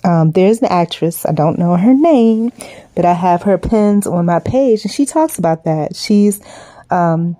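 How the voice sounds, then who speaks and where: Earnest woman with a mellow, dry voice. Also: on the low side, expressive, measured pace, no room sound. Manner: earnest, rambling, many fillers and "you know". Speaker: small business owner promoting her sticker collection. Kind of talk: casual direct-to-camera appeal.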